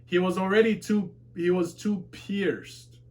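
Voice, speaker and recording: A man's voice: high-pitched, a little slow. A man streaming a live webtoon reaction, reading viewer comments aloud and reacting with laughs, curses and outbursts. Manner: excitable, swears and shouts at plot twists, laughs often.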